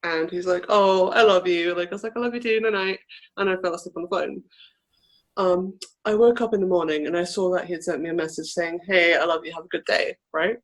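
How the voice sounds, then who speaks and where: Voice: medium pitch, steady tone, fast talker. A podcast co-host in casual chat, telling a personal story and acting out quoted lines, with lots of "like". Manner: rambling storyteller who acts out quoted lines, heavy use of "like".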